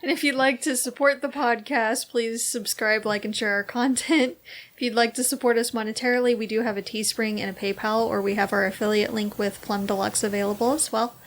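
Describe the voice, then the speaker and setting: Female podcast co-host, chatty, somewhat high-pitched. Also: fairly even intonation, a little fast. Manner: chatty, laughs easily. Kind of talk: casual movie review chat.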